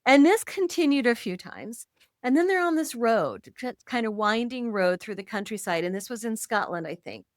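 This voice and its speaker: Woman podcast guest, lively storyteller, higher voice, dry close mic. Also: no room sound. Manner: animated storyteller, slips into quoted voices. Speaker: podcast guest, intuitive and author. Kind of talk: conversational storytelling.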